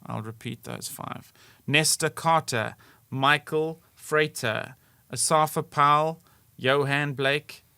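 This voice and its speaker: An easygoing man quizzes his co-host on a comedy trivia podcast and swears casually along the way. His voice is bright and forceful, at a middle pitch. The recording is close and dry. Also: takes it slowly, creaky, clean tone, dry recording. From South Africa.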